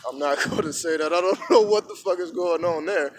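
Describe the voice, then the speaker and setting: Holding his phone camera at arm's length, a vlogger speaks a little fast in a voice on the high side, with slight background noise, outdoors at sunrise. It's a casual monologue full of rambling, swearing and animated storytelling.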